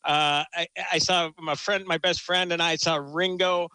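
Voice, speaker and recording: A man's voice: on the high side, fairly even intonation, measured pace, bright, forceful tone, clear, resonant tone, no echo, poor audio. A man talking casually about a film, enthusiastic and rambling, often restarting his sentences. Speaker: film critic guest. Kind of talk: casual chat.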